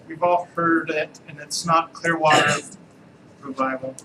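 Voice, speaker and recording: A man's voice: on the high side, fairly even intonation, unhurried, noisy background. A man, an attorney, giving a casual, joking live training talk to real estate agents and asking the room questions.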